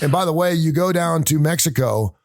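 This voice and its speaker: A man's voice: a little high, fairly quick, vocal fry. A middle-aged American man co-hosting a radio show, telling stories in casual banter and laughing often. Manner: storytelling, laughs often, animated retelling.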